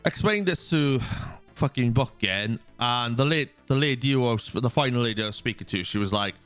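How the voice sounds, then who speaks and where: A man in his thirties venting on a livestream, swearing freely as he tells his story. His voice sits at an ordinary, middle pitch, with faint music playing underneath. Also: brisk. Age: 30s. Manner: animated venting, heavy swearing. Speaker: streamer.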